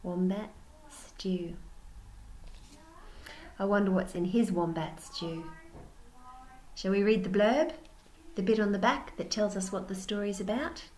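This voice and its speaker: A woman teacher reading a picture book aloud to children, gentle and expressive, asking questions as she goes. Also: mid-range voice, moderate pace. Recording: roomy echo, faint background hum.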